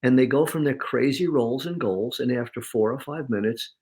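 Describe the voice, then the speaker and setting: A man as an interview guest, talking in an animated way and acting out inner voices in quotes. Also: medium pitch, brisk. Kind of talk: casual interview talk.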